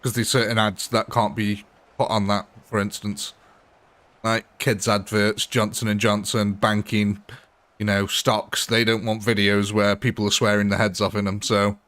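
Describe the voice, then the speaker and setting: A man with a fairly low voice chats on a live gaming stream. He talks casually and laughs often as he answers his viewers' comments. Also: little pitch movement, moderate pace, a bit bright. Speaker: gaming livestreamer.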